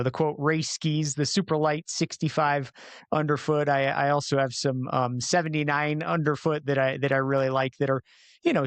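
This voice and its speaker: A man's voice: on the high side, smooth, no room sound. A man hosting a podcast interview, talking enthusiastically in a casual chat with frequent restarts. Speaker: podcast host.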